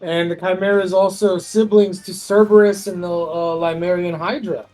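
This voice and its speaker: A man's voice: sits high, steady tone, normal speed, a little mellow, soft background music. A man explaining game lore in a nerdy way during casual gaming chat.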